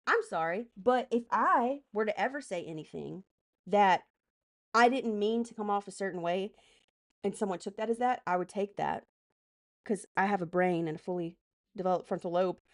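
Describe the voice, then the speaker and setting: A woman live streamer doing political commentary, heated and profane, breaking off to greet chat and direct moderators. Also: mid-range voice. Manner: heated, profane, rapid asides to chat and mods.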